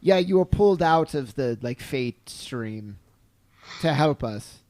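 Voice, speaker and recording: A man's voice: mid-range voice, expressive, slow, a little mellow, no echo. A man playing a tabletop game, joking and rambling in character. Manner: wry, teasing, rambling. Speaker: player. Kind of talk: casual in-character banter.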